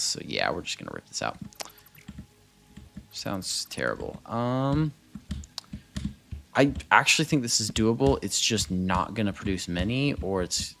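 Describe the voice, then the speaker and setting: A low-pitched man with a gravelly edge to his voice, chatting casually as he streams a game. His delivery swings up and down in pitch as he thinks aloud, cuts himself off mid-sentence and mutters numbers under his breath. A faint hiss sits under the recording. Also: fairly bright tone. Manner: thinks aloud, trails off and restarts, mutters counts; chatty, answers viewers as he plays. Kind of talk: casual gameplay commentary.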